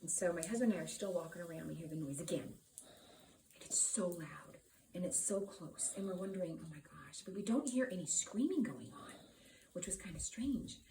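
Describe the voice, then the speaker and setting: A middle-aged woman telling a personal story to a live audience, lively, acting out the people and sounds in it. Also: lowish voice, a little fast, slight background noise. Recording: roomy sound from a distant mic.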